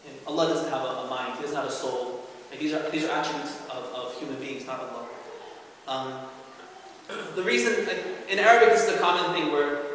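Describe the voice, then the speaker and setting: A man's voice: a little high, normal speed, a bit bright, distant mic, slight background noise. A man giving an earnest, explanatory religious lecture to a congregation, often checking in with his listeners. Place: large hall at an Islamic center. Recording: very echoey hall with long reverb.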